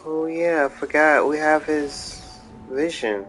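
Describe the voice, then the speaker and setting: A man's voice: a little high, takes it slowly, a bit bright, faint music behind, poor audio. A tired man giving casual, mumbling commentary while playing a game, with wry asides. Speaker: game streamer.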